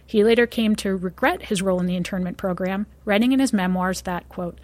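A woman's voice: mid-range voice, fairly quick. A woman co-hosting a casual podcast, running a trivia quiz with playful, teasing remarks.

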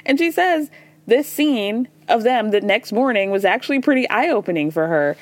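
A woman's voice: on the high side, lively intonation, normal speed. A woman hosting a casual recap podcast, talking in a chatty, profane way and voicing the lines of the people she describes. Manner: chatty and profane, says y'all and girl; retells scenes by voicing quoted dialogue. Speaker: podcast host recapping reality TV.

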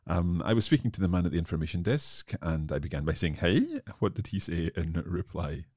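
A man's voice: sits low, sing-song, a little fast, darkish tone, no room sound, clean studio sound. A man hosting a language lesson podcast, joking at his own expense while discussing phrases with a teacher. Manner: self-deprecating, joking. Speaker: podcast host learning Swedish.

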